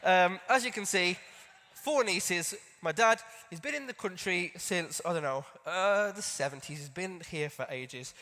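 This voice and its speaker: A man's voice: high-pitched, measured pace, few pauses, pushed and bright. A man telling a personal story at a conference, talking in a conversational way with self-mocking asides to the audience. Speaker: conference speaker. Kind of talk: storytelling stage talk. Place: large conference hall stage. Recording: long hall reverb from a stage.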